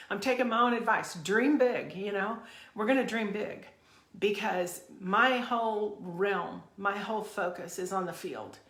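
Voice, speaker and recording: A woman's voice: mid-range voice, a bit bright. Woman podcast host on a fired-up faith rant, keeps repeating herself, roomy echo. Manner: fired up, emphatic, repeats phrases. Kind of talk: fervent motivational rant. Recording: echoey room.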